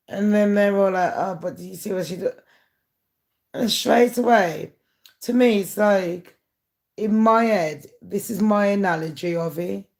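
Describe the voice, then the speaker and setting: On the low side and a little mellow, a woman's voice carries a candid, aggrieved talk. She's a YouTuber speaking casually to camera, straight to her audience.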